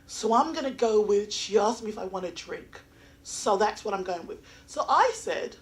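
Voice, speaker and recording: A woman from England with an English accent, doing open mic stand-up comedy with animated storytelling and acted-out voices. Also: mid-range voice, moderate pace. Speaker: stand-up comic. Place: small comedy venue.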